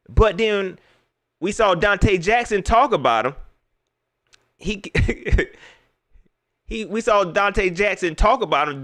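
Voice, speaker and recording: Bright and forceful in tone, a sports talk show host addresses viewers directly on his casual livestream. He uses loose slang, repeats himself, and his pitch swings widely as he gets worked up.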